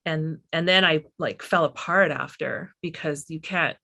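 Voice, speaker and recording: A middle-aged woman talks about her work in a slightly low voice. She is candid and halting, restarting her sentences often as she reflects. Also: creaky, bright, forceful tone. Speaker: filmmaker guest. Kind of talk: reflective conversation.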